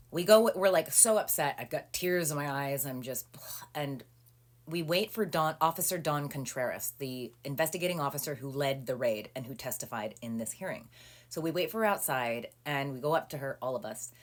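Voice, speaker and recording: A woman telling a personal story in a casual, chatty monologue, full of fillers and acted-out quotes. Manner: animated, acting out quoted people with rising pitch and volume; chatty with frequent "um" and "like". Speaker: storyteller recounting a personal legal ordeal.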